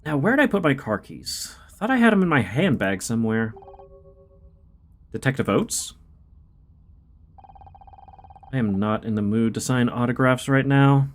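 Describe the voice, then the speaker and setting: A woman's voice: very deep voice, lively intonation, moderate pace. A streamer voicing a bitter, recently sacked female TV actress who talks in a weary, curt way.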